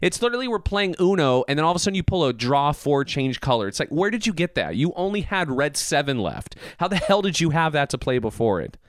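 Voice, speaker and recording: A man hosting a podcast, ranting casually and excitedly, laughing and swearing as he goes. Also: a little high, fast talker, few pauses, no echo, studio quality. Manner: animated, laughing, swearing, mock voices. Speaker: podcast host. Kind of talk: casual anime podcast rant.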